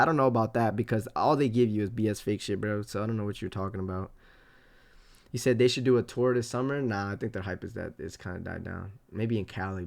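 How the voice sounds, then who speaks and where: Casual swearing male streamer. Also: medium pitch. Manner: animated, swearing, reading chat aloud. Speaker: live streamer. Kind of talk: casual stream reaction chat.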